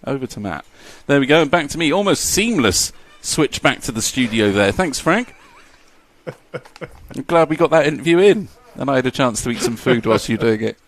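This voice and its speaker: A man's voice: mid-range voice, lively intonation, normal speed, no echo. Guy doing live rc race commentary, easygoing, rattles off lap times. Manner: chatty, jokey, reads out lap times.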